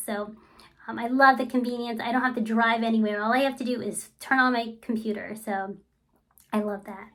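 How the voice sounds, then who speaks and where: A woman's voice: on the high side, fairly bright tone. A woman vlogger speaking in a casual, frank, rambling way, full of fillers like "um" and "you know.". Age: adult. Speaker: language-learning vlogger. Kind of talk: casual chatty review.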